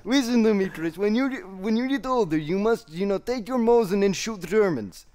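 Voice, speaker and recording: A man's voice: high-pitched, expressive, normal speed, darkish tone. A man voicing a proud, patriotic male Russian sniper soldier in broken English with a put-on Russian accent, during a game. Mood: storytelling. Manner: grandiose speeches, laughing. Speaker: streamer. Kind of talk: in-game voice role-play.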